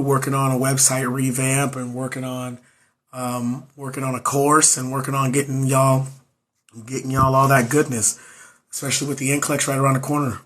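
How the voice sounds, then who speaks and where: A hoarse young man, a nurse and exam coach, chatting loosely on his livestream into a phone and repeating his greetings. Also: medium pitch, pushed and bright. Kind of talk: casual livestream chat.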